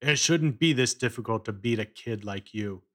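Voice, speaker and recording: A man voicing a boastful, gruff veteran male acrobat who growls and mocks. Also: medium pitch, normal speed, a bit bright, natural voice. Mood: gruff, mocking. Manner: growling, mocking.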